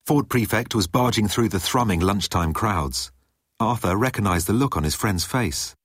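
A man reading a story aloud as narrator, in a lively storytelling way. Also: on the low side, normal speed, slightly rough, dry recording, studio quality. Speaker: audiobook narrator. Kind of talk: scripted narration.

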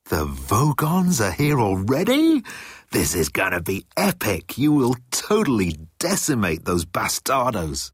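A man voicing a brash, excitable, party-loving man who talks loudly and gleefully. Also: on the low side, husky, dry recording, studio quality, voice pushed up, heavily acted. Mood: thrilled. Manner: loud, slow and gleeful.

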